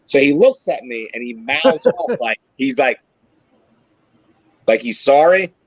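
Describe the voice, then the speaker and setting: Husky, profane man telling jail stories. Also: medium pitch, moderate pace, no echo, highs cut off. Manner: animated, profane, acts out quoted voices. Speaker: podcast co-host, former corrections supervisor. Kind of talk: casual storytelling chat.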